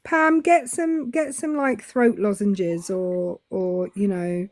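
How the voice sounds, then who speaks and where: A woman joining a casual live stream chat, joking deadpan and starting her sentences with many fillers. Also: mid-range voice, slow, no room sound.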